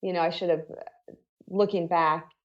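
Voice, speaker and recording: A woman's voice: lowish voice, fairly even intonation, moderate pace, lo-fi sound. A middle-aged woman telling a personal story as an interview guest, talking earnestly and conversationally with lots of "you know" and "like.".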